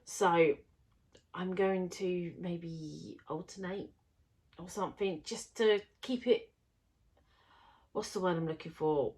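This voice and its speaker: A woman's voice: fairly low pitch, takes it slowly, pauses often, darkish tone. A woman talking casually to camera about a crafting project, rambling with lots of fillers and restarts. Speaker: crafting vlogger.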